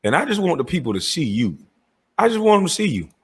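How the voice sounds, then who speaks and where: A man's voice: a little high, sing-song, quick pace, breathy edge. A man delivering a heated, profane rant, confronting and calling out rivals by name. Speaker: online commentator.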